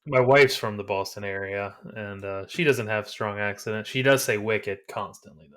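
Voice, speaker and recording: A man's voice: on the low side, moderate pace, fairly bright tone. A man co-hosting a movie podcast, telling stories in a laid-back, casual way. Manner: laid-back storytelling with fillers. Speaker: podcast co-host. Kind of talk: casual chat.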